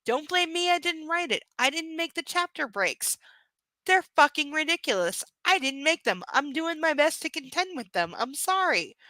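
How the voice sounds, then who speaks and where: A woman's voice: high voice, expressive, moderate pace, pushed and bright, no room sound, poor audio. A woman doing a live book reading with sarcastic, profane, exasperated commentary. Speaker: livestream book reader.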